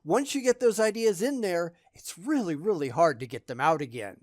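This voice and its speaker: A man's voice: high-pitched, expressive, normal speed, dry recording, studio quality. A man giving sarcastic reaction commentary, blunt and scornful in how he talks.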